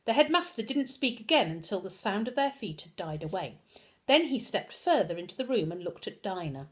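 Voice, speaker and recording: A woman reading a children's novel aloud with expressive storytelling. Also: mid-range voice, brisk. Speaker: reader.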